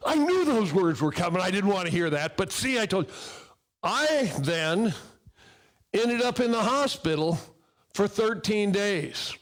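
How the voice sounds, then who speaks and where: Middle-aged male speaker, high-pitched, lively anecdotal delivery on workplace safety. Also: measured pace. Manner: animated storyteller who acts out dialogue. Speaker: fall protection equipment speaker. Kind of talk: personal story told to an audience.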